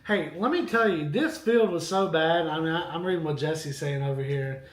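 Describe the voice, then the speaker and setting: On a casual live stream, a man with a notably high voice tells a long, meandering story at normal speed. He's animated and keeps turning to speak to his viewers, and the audio echoes as if in a hard-walled room.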